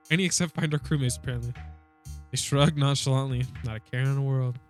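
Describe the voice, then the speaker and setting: A man's voice: medium pitch, fairly even intonation, fairly quick, soft background music. A man reading a story game aloud, joking and swearing between lines. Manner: jokey, swears, laughs at himself. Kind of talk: reading and reacting to a narrative game.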